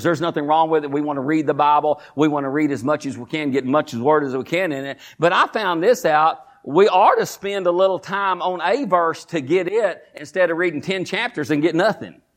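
A male pastor, delivering a sermon with repetition and call-and-response, rising to shouts. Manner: builds from low conversational teaching to loud, shouted preaching.

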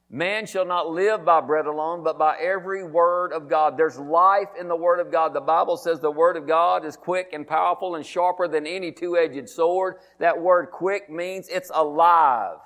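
Male pastor, slightly higher voice with gravel, preaching a sermon and pulling in his congregation. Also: a little slow, fairly bright tone. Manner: preaching with scripture readings and calls to the congregation.

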